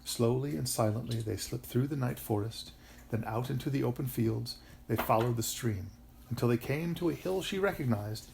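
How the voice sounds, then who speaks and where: A man reading a bedtime story aloud to his daughter, telling it in an expressive, animated way. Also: medium pitch, vocal fry, a little hiss or hum.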